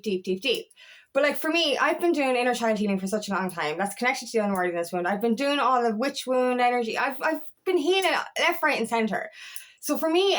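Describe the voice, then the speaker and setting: A woman's voice: on the high side, a bit bright. A woman coach talking candidly and emphatically, swearing and restarting her sentences in a casual monologue. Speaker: feminine empowerment coach.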